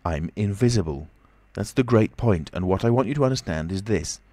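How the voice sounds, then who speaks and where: A man's voice: fairly low pitch, animated, brisk, mellow, no echo, close to an everyday voice. A man voicing an impatient, commanding unseen stranger who speaks tersely and insistently, in a storybook reading. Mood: firm, insistent.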